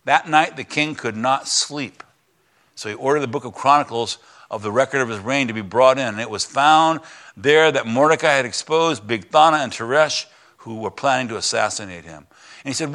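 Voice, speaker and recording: A male pastor preaching a sermon, retelling a story in lively plain words, swinging from loud exclamations to hushed emphasis. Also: mid-range voice, moderate pace.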